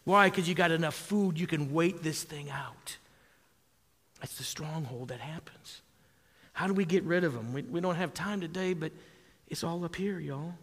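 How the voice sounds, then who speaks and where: Man preaching, from southwest wisconsin, high bright voice, calls for amens, long reverb. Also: moderate pace. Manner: animated preaching, calls for amens, shouts at peaks. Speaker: pastor. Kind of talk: sermon.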